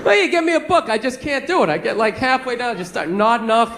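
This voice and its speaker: A male stand-up comic with a very high voice, ranting in an exasperated, profane way. The audience laughs, and noise rises from the room during the live show. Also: expressive, quick pace, a crowd in the background. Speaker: stand-up comedian. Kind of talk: stand-up comedy set.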